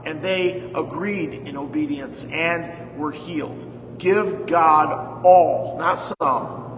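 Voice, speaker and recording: Emphatic high-voiced preaching pastor. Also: male voice, sharp tone. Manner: emphatic preaching with repeated lines and rhetorical questions. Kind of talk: sermon. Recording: echoey hall with long reverb.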